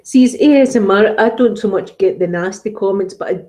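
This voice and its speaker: A Scottish woman hosting a relaxed live chat on her ASMR channel, rambling along and answering viewer comments between fillers. Her voice sits at an ordinary middle pitch and sounds mellow and soft. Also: a little fast. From Scotland. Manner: chatty and rambling, with frequent fillers.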